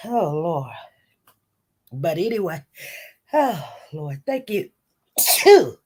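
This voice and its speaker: Her voice is low, husky and dark-toned, very animated yet slow-paced. Battling a cold with the odd cough, the woman gives chatty live commentary on her casual stream, addressing viewers and chat directly.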